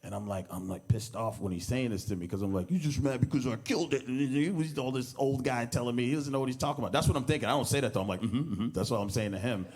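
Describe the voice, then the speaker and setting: A man's voice: mid-range voice, quick pace, hardly any pauses, darkish tone. A man, a comedian, speaking informally at a memorial service, rambling through stories, acting out quoted lines and laughing as he talks. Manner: rambling storyteller who acts out quoted lines and laughs as he goes. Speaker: comedian giving a eulogy. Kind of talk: informal anecdotal speech at a memorial.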